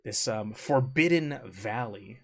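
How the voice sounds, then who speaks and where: A man's voice: mid-range voice, animated, takes it slowly, fairly bright tone, slight background noise. A man running a tabletop game as game master, narrating casually with many fillers.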